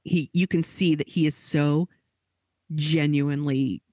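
Brief: fairly high male host, dry close sound, chatty storyteller who keeps slipping into quoted voices. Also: steady tone, a little slow, dark tone, no echo. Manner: casual, filler-heavy retelling with acted quotes. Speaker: podcast host. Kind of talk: casual podcast storytelling.

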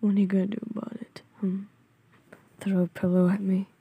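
A woman's voice: mid-range voice, level tone, a little fast, dark tone, dry recording. Killua, a woman playing a grumpy whispering young man. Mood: teasing. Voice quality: husky, breathy whisper. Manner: curt, irritable, mocking. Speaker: voice actor. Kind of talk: whispered role-play.

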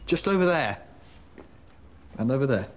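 An actor playing a cheeky, laid-back young British man in a sitcom, talking deadpan. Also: medium pitch, measured pace, slight background noise. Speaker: Dan, a lazy young man house-sitting.

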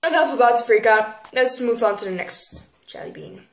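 A teenage girl, filming a casual vlog and getting excitable, squealing when something pleases her. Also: on the high side, normal speed. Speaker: vlogger. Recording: echoey room.

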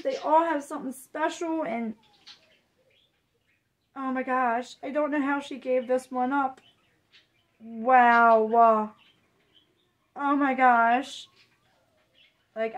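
A woman vlogger chatting casually, gushing and rambling with excitement over a new arrival. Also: sits high, muffled recording. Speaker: reborn doll vlogger. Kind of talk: excited casual vlog chat.

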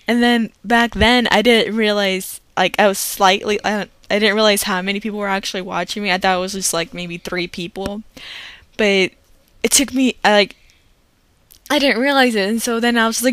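A woman's voice: mid-range voice, fairly even intonation, brisk, fairly bright tone, clean tone. A young woman in a casual vlog, rambling and correcting herself as she explains her long absence, recorded on a laptop microphone. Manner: rambling and self-correcting, with many fillers. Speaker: let's play creator.

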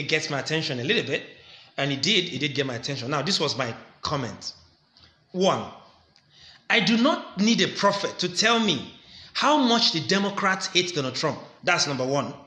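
A man's voice: a little high, expressive, moderate pace, sharp tone, reverberant. A man hosting a commentary channel, talking emphatically and repeating words for stress. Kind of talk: casual commentary.

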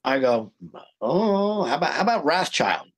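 A man's voice: fairly high pitch, moderate pace. A man, a guest singer, telling a story in casual podcast talk and acting out the quoted dialogue. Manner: animated, acts out quoted dialogue.

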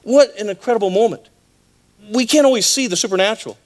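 A man preaching a sermon in a church, telling a Bible story in an animated way with acted voices. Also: high voice, quick pace. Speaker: pastor.

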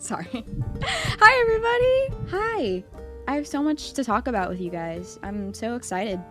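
A woman streamer chatting casually with her viewers live, excitable, swearing freely and laughing often, rambling and repeating herself. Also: mid-range voice, fairly quick, faint music behind.

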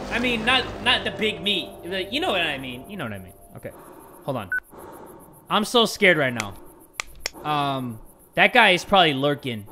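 A man giving jumpy, joking commentary while playing a horror game, swearing and yelping at the scares and talking to his viewers. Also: on the high side. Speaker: gaming YouTuber.

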